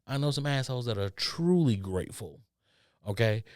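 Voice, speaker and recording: A man's voice: on the low side, moderate pace, a little mellow, no room sound, clean studio sound. A man hosting a podcast, ranting in an exasperated, sarcastic monologue. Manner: exasperated, sarcastic, does mocking voices of others. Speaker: podcast host.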